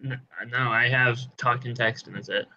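A man's voice: medium pitch, fairly even intonation, normal speed, bright, forceful tone, dull audio. A man hosting a live stream, chatting casually with a dry, teasing manner.

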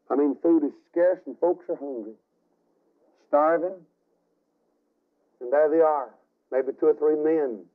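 A man preaching a fiery revival sermon, telling the story dramatically with sudden shouts and hushed asides. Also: medium pitch. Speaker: evangelist. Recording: tinny archival radio broadcast.

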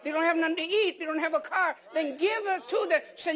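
High-voiced man preaching with emphatic questions. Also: fairly quick, fairly bright tone. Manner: repeats words and restarts phrases for emphasis. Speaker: pastor. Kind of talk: sermon.

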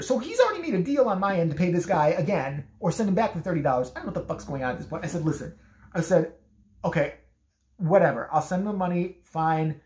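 A fast-talking woman tells a rambling story with a lively, swooping voice. She swears freely and acts out both sides of the phone calls she describes. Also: lowish voice, echoey room. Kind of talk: casual storytelling monologue.

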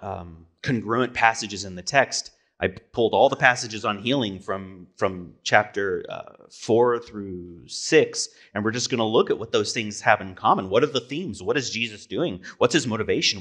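A man delivers a sermon from the pulpit in a relaxed, conversational way. His voice sits a little low, and he keeps asking rhetorical questions and correcting himself mid-sentence. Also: normal speed, few pauses. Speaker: pastor.

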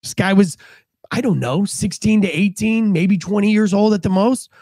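A man's voice: high-pitched, moderate pace, dark tone, dry recording. A man, a former police officer, telling a vivid first-person story and acting out the dialogue in a matter-of-fact way.

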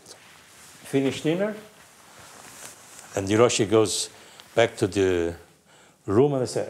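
An older man from Portugal with a Portuguese accent, animatedly telling racing anecdotes in halting, restarting speech. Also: on the low side, expressive, darkish tone. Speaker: guest storyteller, former racing team manager.

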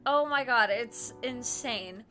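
A young woman streaming a video game, loudly and excitedly giving her partner step-by-step instructions and laughing often. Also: a little high, takes it slowly, faint music behind. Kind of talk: casual gameplay chat.

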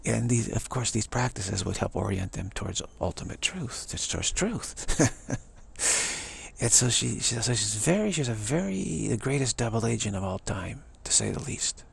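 A man giving a rambling spiritual talk, telling a story in halting phrases with many restarts. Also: medium pitch, expressive, creaky, slightly rough. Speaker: spiritual teacher.

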